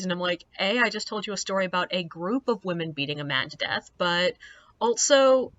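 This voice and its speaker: A woman tour guide chats to the camera in a casual, animated storytelling voice that is bright and a little sharp. She is wry and mimics the people she quotes. The recording sounds somewhat dull and lo-fi. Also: on the low side, a little fast, no room sound.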